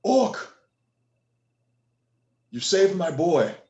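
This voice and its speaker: A man's voice: high voice, very animated, extremely slow, dark tone, roomy sound, dull audio, voice pushed up, exaggerated voice. A man voicing an earnest human father who leads a band of hunters, speaking in a raised voice. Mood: grateful.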